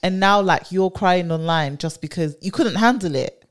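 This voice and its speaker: Lower-voiced woman with a London accent. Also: normal speed. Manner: chatty, peppered with "like". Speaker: podcast co-host. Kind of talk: casual chat.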